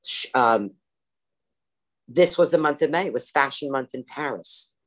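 A woman's voice: very deep voice, expressive, a little slow. A woman telling her recovery story at a meeting over a video call, theatrical and self-mocking. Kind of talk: personal storytelling talk.

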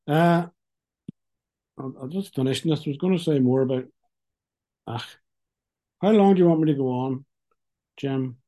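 Mellow-voiced man sharing his story. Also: medium pitch. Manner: frank, wry, halting. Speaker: speaker sharing at a recovery meeting. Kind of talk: personal testimony.

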